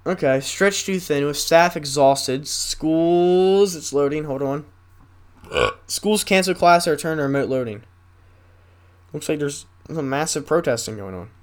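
Rambling young man reading the news. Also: a little high. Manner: rambling, reads news aloud haltingly with asides. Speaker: podcast host. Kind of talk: solo casual news chat.

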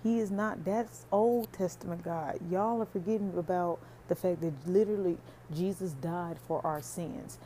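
A woman talks to her listeners in an earnest, preachy but casual way, calling them y'all. Her voice sits low and mellow. A faint hiss runs under the recording. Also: moderate pace, few pauses. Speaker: podcast host. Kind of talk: faith podcast monologue.

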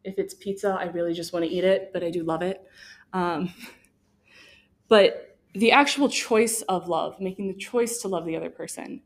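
A woman's voice: fairly low pitch, fairly even intonation, moderate pace. Young woman, guest speaker, casual and earnest, chatty delivery full of fillers. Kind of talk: faith talk to students.

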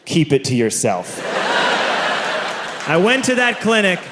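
High-voiced man doing stand-up. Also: a little slow, a loud crowd. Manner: animated storytelling with sudden shouted voices for quoted people. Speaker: stand-up comedian. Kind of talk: stand-up comedy storytelling. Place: comedy stage with live audience. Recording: live stand-up recording with audience noise.

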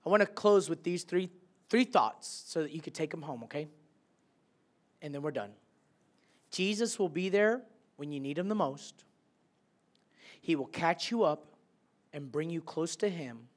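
A man preaching a sermon as a pastor, animated, swinging between loud bursts and hushed, quiet lines. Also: on the high side, unhurried, long pauses.

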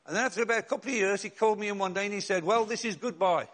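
A middle-aged man delivers a sermon as a pastor, his voice sitting high for a man. He tells stories from the pulpit and draws out key words for emphasis. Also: steady tone, a bit bright. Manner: storytelling, slows and rises for emphasis.

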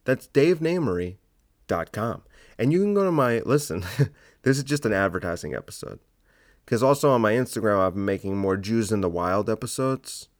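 A man's voice: fairly low pitch, lively intonation, normal speed, no room sound, clean studio sound. A man hosting his own podcast alone, talking in a blunt, provocative, rambling way. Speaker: podcast host. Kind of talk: casual solo podcast monologue.

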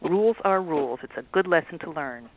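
A man's voice: a little high, animated, brisk, a little hiss or hum, natural voice. A man voicing a big, ugly troll supervisor who lectures in a smug, bossy way. The sound is thin and phone-like, as on a radio call. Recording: tinny phone-line radio audio.

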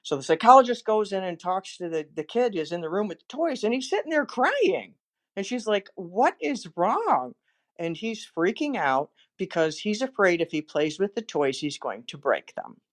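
A woman's voice: mid-range voice, sing-song, normal speed. A woman, a motivational speaker and podcast host, giving an encouraging inspirational talk and telling stories. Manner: warm encouraging storytelling.

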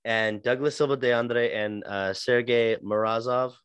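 A man chats casually as a podcast co-host, rambling and joking, often tripping over names. His voice sits at an ordinary middle pitch. The sound is dry and close, with no room around it. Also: fairly even intonation, a little slow, a bit bright, clear, resonant tone, dry recording. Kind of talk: casual chat about fights.

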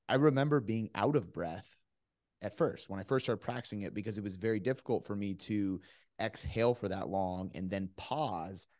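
A man hosts a casual podcast in a very low, gravelly voice. He asks long, winding questions and thinks aloud as he talks. The recording is close and dry. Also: a little mellow, no room sound. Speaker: podcast host.

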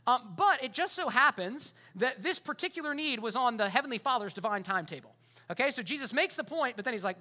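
A man's voice: extremely high pitch, expressive, fast, sharp tone. A man preaching a sermon as pastor, in a casual, conversational way full of fillers.

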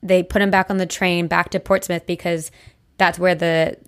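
A woman's voice: on the low side, flat delivery, moderate pace. Chatty young woman telling a ghost story. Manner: chatty, many likes and restarts. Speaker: podcast co-host. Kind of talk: casual storytelling chat.

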